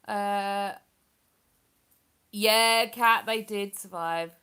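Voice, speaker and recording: A woman's voice: mid-range voice, extremely slow, sharp tone, clean tone. Chatty woman hosting a live stream. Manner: chatty, rambling, with many fillers. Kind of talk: casual live-stream chat, reading viewer comments.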